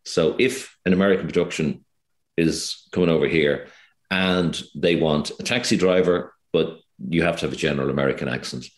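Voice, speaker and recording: Very deep-voiced Irish man, roomy sound. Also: normal speed. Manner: hesitant, many fillers and restarts. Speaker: guest actor. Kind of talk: casual interview chat.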